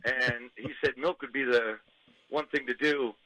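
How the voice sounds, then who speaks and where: A man's voice: medium pitch, fairly even intonation, measured pace, bright, forceful tone, dry recording, rough recording. A man calling in to a radio show, telling an embarrassing story in a rambling, sheepish way. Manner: sheepish, rambling, laughs at himself. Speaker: caller.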